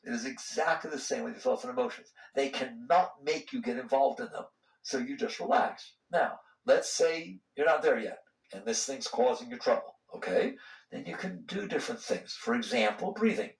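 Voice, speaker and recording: A man giving a spiritual talk to an audience, conversational and animated, acting out the voices inside people's heads. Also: medium pitch, normal speed, vocal fry, recorded from a distance. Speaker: spiritual teacher. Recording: roomy hall sound, voice from off-mic.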